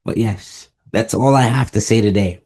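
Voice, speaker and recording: A man's voice: lowish voice, moderate pace, a little mellow. A twenty-year-old man from the United States giving an emphatic sports opinion monologue, repeating key phrases for stress. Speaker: sports vlogger.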